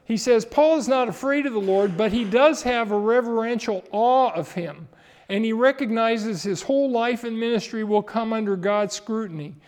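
Emphatic, high-voiced male preacher in a reverberant hall. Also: moderate pace, darkish tone. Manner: emphatic, rising in pitch and volume on key points, chuckling. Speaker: pastor. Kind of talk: sermon.

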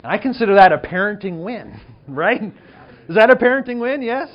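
Speaking quickly and expressively in a high voice, a pastor in his thirties recounts a personal story during a casual, self-deprecating sermon and asks the crowd questions. The audio is dull.

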